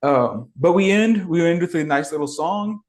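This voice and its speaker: A man's voice: on the high side, lively intonation, normal speed. A man co-hosting a podcast, talking through a film in a thoughtful, searching way. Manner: thoughtful, searching, with many fillers and restarts. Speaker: podcast co-host. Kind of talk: casual film review chat.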